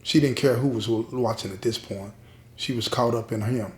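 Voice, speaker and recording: A man's voice: medium pitch, darkish tone. Man telling a street story in an echoey room. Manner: plain street-style storytelling, drawn-out pauses. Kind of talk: spoken storytelling. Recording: roomy echo.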